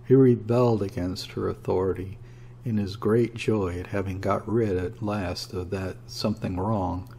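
A man narrating a classic story in a measured, dramatic reading. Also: deep voice, fairly even intonation, warm tone, breathy edge. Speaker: audiobook narrator.

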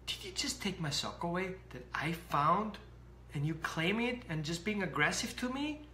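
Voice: medium pitch, expressive, normal speed, sharp tone, slight background noise. A dog trainer voicing a young puppy that guards a sock it found, indignant and cheeky, in an echoey room.

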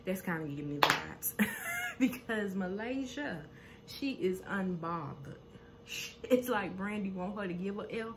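A woman casually recapping reality TV drama, animated and laughing often, acting out what the cast said. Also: medium pitch, measured pace, slight background noise. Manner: animated, laughs often, acts out quoted lines.

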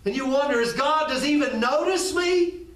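A man's voice: very high-pitched, lively intonation, normal speed, fairly bright tone. A man preaching a sermon as pastor, conversational, repeating phrases and speaking straight to his listeners. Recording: echoey room, distant from the mic.

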